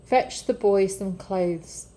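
A forgiving storybook father, gentle and joyful, speaking slowly, as a woman reader gives him voice. Mellow, unhurried tone. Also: medium pitch, close to an everyday voice. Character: loving, forgiving father, middle-aged man.

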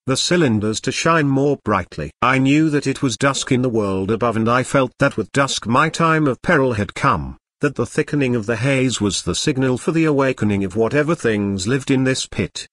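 A man's voice: medium pitch, fairly bright tone, no echo. Dry synthetic male audiobook voice. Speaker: audiobook narrator. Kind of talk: text-to-speech audiobook narration.

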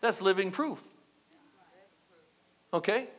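A male pastor delivering an animated sermon in church, repeating phrases and checking in with the congregation. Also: high-pitched, takes it slowly. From United States. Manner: animated, repetitive preaching with asides to the congregation.

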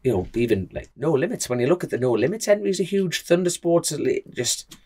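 A man's voice: fairly high pitch, brisk, husky. A man co-hosting a motorbike podcast, telling rambling stories full of fillers in a casual chat. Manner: rambling, lots of fillers, animated storytelling. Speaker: podcast co-host and motorbike racer.

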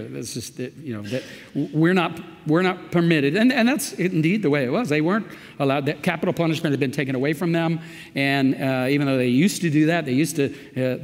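A man preaching a conversational, verse-by-verse sermon as a pastor. He reads the text with emphatic, animated delivery in a slightly high voice. His words carry with a long reverb through a church sanctuary. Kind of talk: expository sermon.

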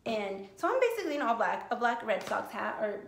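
A woman's voice: on the high side, big pitch swings, a little fast, vocal fry, reverberant. A woman from the United States telling a casual storytime vlog, rambling with lots of swearing and filler words. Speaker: vlogger.

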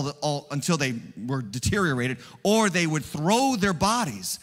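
Animated pastor preaching in a big hall. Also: male voice, fairly high pitch. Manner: animated, swings from hushed to loud and fast. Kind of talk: Easter sermon. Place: large church hall.

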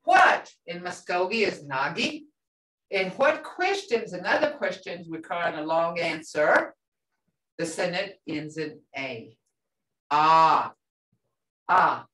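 Woman, language teacher, patient, repeats words, lower voice, echoey room. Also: animated, slow, pauses often, a bit bright. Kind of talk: classroom language lesson. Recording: roomy sound from a distance.

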